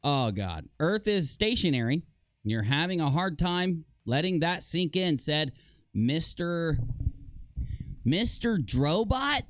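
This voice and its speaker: A man live streaming, talking casually to his chat with a sarcastic, animated manner and frequent self-mocking laughs. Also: a little high, smooth, dry recording.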